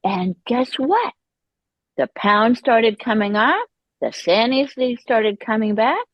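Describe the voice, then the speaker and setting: Animated woman telling her recovery story. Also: fairly high pitch, takes it slowly, no echo, lo-fi sound. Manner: animated storyteller acting out quoted voices. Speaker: podcast guest.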